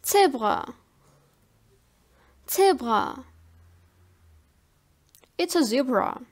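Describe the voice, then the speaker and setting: A woman giving a language lesson, saying each word slowly and carefully, often twice. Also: sits high, very animated. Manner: slow, carefully enunciated word drills. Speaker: language teacher.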